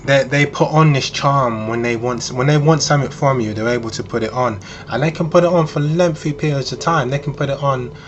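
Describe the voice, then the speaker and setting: A man's voice: mid-range voice, a little fast, few pauses, highs cut off. A man talking in a casual, rambling monologue, speaking to the listener as "you" and using frequent ums. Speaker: vlogger.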